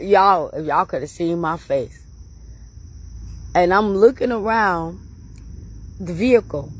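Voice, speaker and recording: A woman hosting her own channel, telling stories to her viewers in a casual, animated way, laughing often and calling them y'all. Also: medium pitch. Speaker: channel host.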